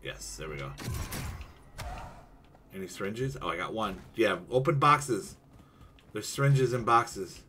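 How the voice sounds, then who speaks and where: A young man streaming a game, commenting live in an excitable, swearing way and yelping when things go wrong. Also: fairly low pitch, measured pace, pauses often, background noise.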